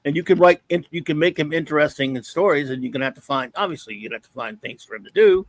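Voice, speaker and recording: A man's voice: on the high side, racing, no echo. A man co-hosting a casual comic book chat, blunt and opinionated. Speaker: podcast co-host.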